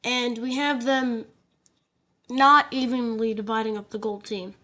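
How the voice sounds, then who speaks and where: A woman's voice: on the high side, steady tone, a little slow, bright, forceful tone. A woman narrating an alternate-history map story in a casual, chatty way, with fillers and jokey asides.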